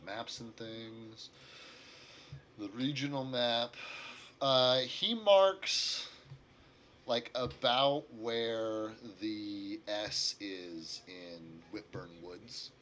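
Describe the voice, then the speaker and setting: A man's voice: fairly low pitch, drawn-out words, fairly bright tone, slight background noise. A man narrating as game master of a tabletop game, rambling and correcting himself as he goes.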